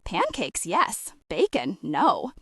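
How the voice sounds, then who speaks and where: A woman's voice: lowish voice, wildly swooping pitch, slow, breathy edge, no echo, heavily acted. A woman voicing a medium-sized pig, speaking in a folksy, matter-of-fact way in an audiobook story.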